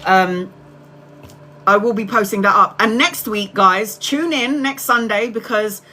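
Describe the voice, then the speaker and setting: A woman's voice: medium pitch, unhurried, bright, forceful tone, poor audio. Chatty, swearing middle-aged woman storyteller. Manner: chatty and candid, swears casually. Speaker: tarot reader livestream host. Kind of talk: casual storytelling to viewers.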